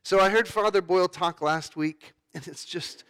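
A man's voice: high voice, normal speed, fairly bright tone, clear, resonant tone. A man giving a sermon as pastor, talking in a conversational way with fillers and restarts.

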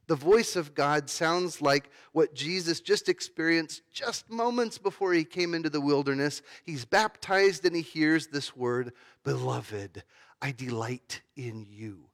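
A man's voice: fairly high pitch, unhurried, hardly any pauses. A man giving a sermon as pastor, talking in a conversational way with fillers and restarts.

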